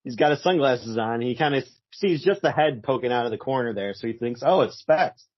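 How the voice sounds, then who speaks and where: A man's voice: mid-range voice, fairly quick, dry recording. Chuckling man on a dry lo-fi mic. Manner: chuckly, laughs often while reading out panels. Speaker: podcast co-host. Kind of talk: casual chat reviewing a comic.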